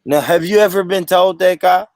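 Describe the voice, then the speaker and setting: Brisk and high-pitched yet a little mellow, a male podcast host leads a heated, casual argument with no echo. He presses his points emphatically and repetitively, frequently breaking in with profanity.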